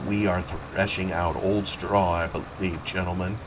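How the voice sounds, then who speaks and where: A man reading aloud, voicing a reserved, dignified landowner who speaks in measured, brief remarks. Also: low-pitched, flat delivery, background noise.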